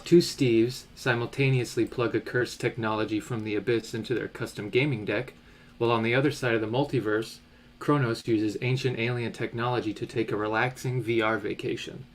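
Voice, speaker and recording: A man's voice: medium pitch, fairly even intonation, a little fast. A man acting as game master, reading a recap of the story. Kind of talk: recap narration.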